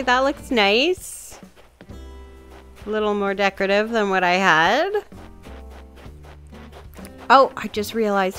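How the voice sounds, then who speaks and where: A woman's voice: medium pitch, fairly bright tone. A young woman giving casual, upbeat commentary while she plays, thinking aloud as she decorates. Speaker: gameplay video creator.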